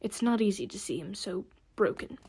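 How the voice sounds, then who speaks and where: A woman voicing a gentle, grieving elf father who speaks softly and sighs. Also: medium pitch, lively intonation, moderate pace, breathy edge. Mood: somber. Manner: soft and heavy, often sighing.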